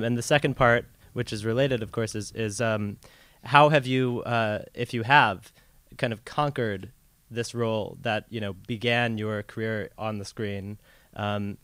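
A man from the audience asking a long, halting, rambling question at a film Q&A. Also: fairly low pitch, a bit bright, no echo. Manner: halting, rambling, many fillers and restarts.

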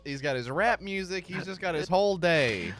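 A man's voice: sits high, lively intonation, moderate pace, crowd noise. A young man making teasing, dry remarks in casual stream chat.

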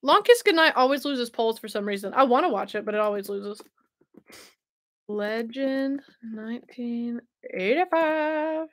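A woman's voice: a little high, expressive, unhurried, fairly bright tone. A young woman hosting a casual livestream, bubbly and chatty, laughing often and answering viewers. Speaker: host.

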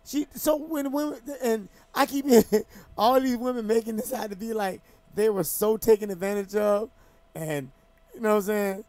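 High-voiced man telling heated stories. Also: normal speed, darkish tone, no room sound. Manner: heated, emphatic storytelling with repeated restarts. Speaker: talk show host and former boxing champion. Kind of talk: casual talk show chat.

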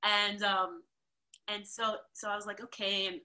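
A woman from New York, a dancer guesting on a podcast, telling a story in a casual, animated way. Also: mid-range voice, a little slow. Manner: animated, acts out the people in her stories.

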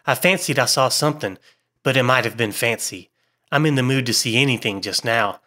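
A man's voice: mid-range voice, fairly quick, sharp tone. A man voicing a stout, blustering traveling salesman with a brusque, hearty manner.

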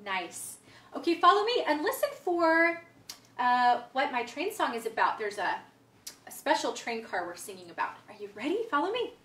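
A woman's voice: sits high, very animated, normal speed, fairly bright tone. A young woman teaching a music and movement class to young children, playful and sing-song, singing often. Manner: sing-song, playful, many sung lines and vocal games. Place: indoor room, livestream. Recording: echoey room.

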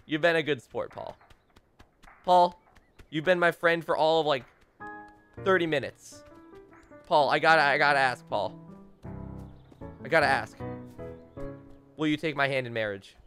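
A man's voice: a little high, unhurried, long pauses, a bit bright, faint music behind. A young man doing playful gameplay commentary as a let's play host, teasing and mock-dramatic, talking straight to the game characters.

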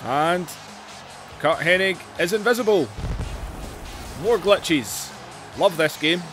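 Guy calling wrestling game moves, voice going hoarse, higher pitched, gets loud and excited, faint game music behind. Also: takes it slowly. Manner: excitable, shouts and calls out moves, says "man" often. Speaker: game commentator. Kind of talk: play-by-play commentary over a wrestling video game.

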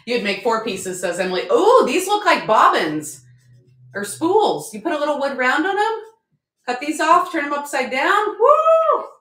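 A woman's voice: high-pitched, big pitch swings, measured pace, pauses often, a bit bright. A woman selling decor in a live auction stream, chatty, upbeat and joking as she goes. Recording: roomy echo.

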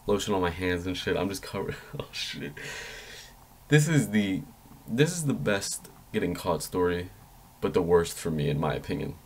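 A young man vlogging a story in a loose, rambling way, swearing freely and jumping up high when he quotes his own panicked thoughts. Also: a little hiss or hum. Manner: rambling, excitable, swears freely, jumps into high squeaky voice when quoting himself. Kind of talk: casual storytelling vlog.

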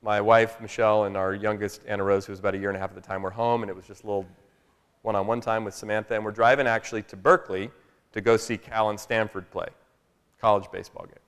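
A man giving a motivational public talk, telling a personal story in an animated way. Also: on the low side, quick pace, clear, resonant tone. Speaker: motivational speaker. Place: public hall. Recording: long reverb of a hall.

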